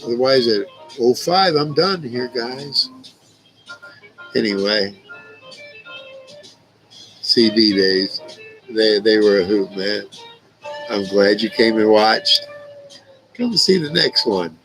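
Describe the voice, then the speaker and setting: Low gravelly guy rambling on his livestream, swears a lot, faint music behind. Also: slow pace, pauses often, fairly bright tone, low-quality recording. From Indiana. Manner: profane, rambling, laughs at his own stories. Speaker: livestream host. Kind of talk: casual storytelling to a live chat. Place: at home on a livestream.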